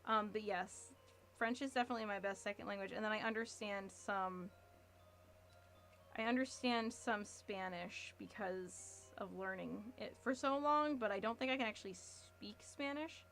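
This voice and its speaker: A woman's voice: mid-range voice, moderate pace, a bit bright, faint music behind. A woman in her thirties chatting casually on a livestream while building a model kit, reading chat messages and laughing often. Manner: chatty, giggly, reads chat aloud.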